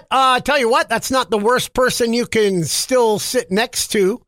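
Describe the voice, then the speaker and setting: A male podcast host with a very high, bright, forceful voice, cracking jokes through a comic monologue. He grumbles about pet peeves in a dry, close recording. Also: no echo.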